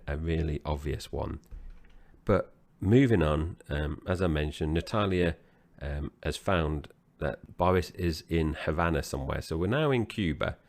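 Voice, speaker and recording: Man with a very deep voice recapping. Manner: relaxed plot recapping, loose restarts. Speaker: podcast co-host. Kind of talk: casual movie review chat.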